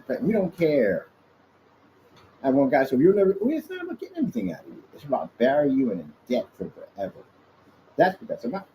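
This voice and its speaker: A man talking straight into the camera in his office with a lively voice that swings up and down, rambling and combative as he taunts his critics. His tone is mellow and dark, and there is a faint hiss of background noise behind him. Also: mid-range voice, low-quality recording. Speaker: small business owner vlogging. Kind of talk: casual off-the-cuff vlog rant. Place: office indoors.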